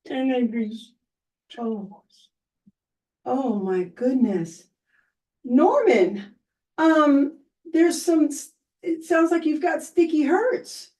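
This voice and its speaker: A woman hosts a children's program, speaking to the young viewers in a high voice and at an unhurried pace. She is animated and exclaims often, and her voice sits a little back from the microphone. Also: distant mic, low-quality recording. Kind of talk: children's show presenting.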